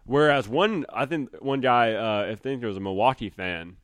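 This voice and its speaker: A man's voice: medium pitch, normal speed. A man co-hosting a podcast, talking casually about sports news and laying out his opinions step by step. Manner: opinionated, lays out arguments step by step. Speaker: podcast co-host.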